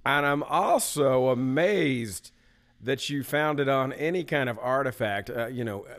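A man with an ordinary mid-range voice chats with a co-host. His delivery is dry and deliberate, with a teasing edge. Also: medium pitch, fairly bright tone. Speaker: movie podcast co-host. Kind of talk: casual chat.

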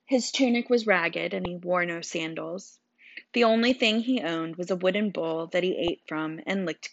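A woman's voice: on the low side, no echo. A woman narrating a story in the first person with a wry, dry telling. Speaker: audiobook narrator. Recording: dull, dry sound.

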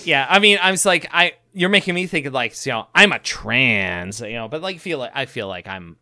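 A man co-hosting a podcast in casual chat, rambling and halting, often laughing. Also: on the high side, lively intonation, sharp tone, no room sound, clean studio sound. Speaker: podcast co-host.

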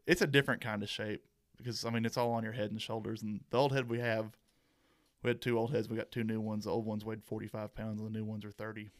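A man's voice: on the low side, level tone, fast talker. A young man, a university mascot performer, chatting as a guest in an easygoing, rambling way. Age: young adult. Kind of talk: casual interview chat.

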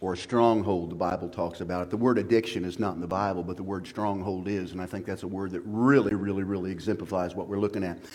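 A man preaching a sermon as pastor, moving from low quiet talk to loud, fervent passages. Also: steady tone, fast, hardly any pauses, in a large hall.

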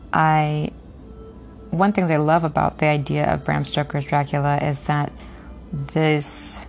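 A woman reading a novel aloud and breaking off for chatty, filler-heavy commentary, recorded on an app. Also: low-pitched. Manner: chatty asides with frequent fillers. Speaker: podcast reader and commentator.

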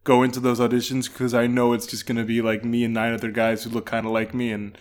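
A man interviewing a guest in casual chat, friendly and halting, with many restarts. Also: mid-range voice, monotone. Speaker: interviewer, voice actor.

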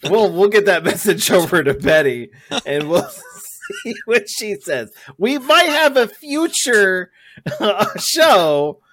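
Brief: male podcast host, slow and lively in pitch, dry close sound, giggly. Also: no echo. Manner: giggly, halting, laughs often. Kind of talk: casual chat.

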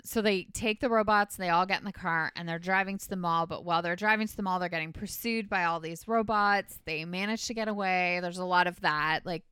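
A woman's voice: fairly low pitch, bright, forceful tone, clear, resonant tone, dry recording, clean studio sound. A woman hosting a podcast, casually retelling a movie's plot in a rambling way, full of "like" and "um". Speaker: podcast host. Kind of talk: casual movie recap chat.

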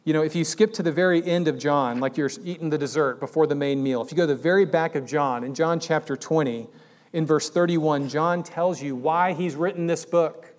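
A man's voice: fairly high pitch, fairly quick, a little mellow. A man preaching a sermon in a conversational way that rises to emphatic peaks. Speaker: pastor.

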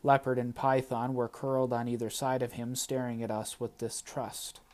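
A man narrating a first-person audiobook chapter in a steady, plain storytelling manner. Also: mid-range voice, normal speed.

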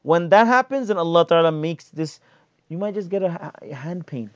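Man, casual religious lesson, animated, higher voice, dull dry lo-fi sound. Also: normal speed, no room sound. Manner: casual, animated, acts out complaints. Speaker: teacher explaining hadith.

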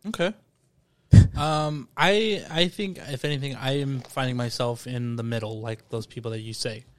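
A man's voice: medium pitch, steady tone, moderate pace, a bit bright, no echo. A man leads a casual podcast conversation about a new film. He rambles a little and repeats words as he works out what he thinks. His voice sits close and dry on the mic. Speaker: podcast host. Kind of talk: casual movie review chat.

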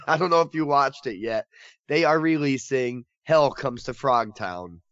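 An excitable man gushes through a casual podcast chat, laughing often. His voice sits at an ordinary middle pitch. The recording is dry and a little dull, like lo-fi audio. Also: unhurried, no room sound. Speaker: podcast co-host covering horror collectibles.

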